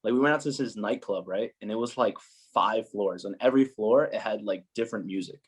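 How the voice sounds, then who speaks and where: A young man, a footballer, talking as a podcast guest in a relaxed, animated way, full of fillers, acting out the voices of people in his stories. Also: fairly low pitch, a little fast, breathy edge. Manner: animated, many filler "like"s, acts out quoted voices. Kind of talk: casual storytelling chat.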